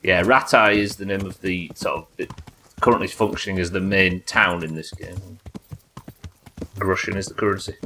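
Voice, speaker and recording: A man livestreams a game with fairly even intonation at a moderate pace, his tone bright and forceful over slight background noise. He chats casually, swears and jokes through the commentary, yelping high when fights get tense.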